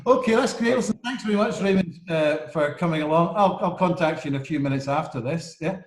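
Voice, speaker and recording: A man's voice: fairly high pitch, brisk. Male host, rambling, hesitant, echoey room on a video call. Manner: rambling, many restarts and fillers. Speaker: interview host. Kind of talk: casual interview chat.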